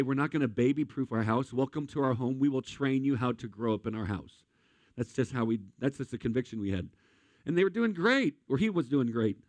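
A man preaching a sermon, a pastor who tells animated, comic stories from family life. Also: mid-range voice, no echo.

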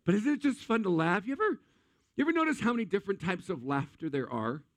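A man preaching to a crowd, quick to joke and to act out little scenes in borrowed voices. His voice sits a little high for a man and sounds close and dry, with almost no room sound. He keeps throwing questions at the audience. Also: dry recording. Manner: animated, acts out voices and asks the crowd questions. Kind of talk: humorous sermon.

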